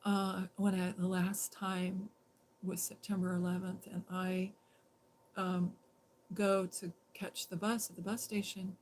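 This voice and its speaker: A woman hosting a livestream, telling a rambling, animated story in casual talk and acting out the lines of the people in it. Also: lowish voice, slow, slight background noise. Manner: animated, rambling, quotes others in dialogue. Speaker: livestream host.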